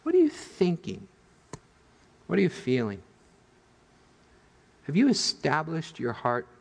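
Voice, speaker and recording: A man voicing God as a quiet, gentle voice who asks soft questions. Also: on the high side, huge pitch swings, slow pace, creaky, husky, in a large hall, heavily acted. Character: God as a still, small, gentle voice.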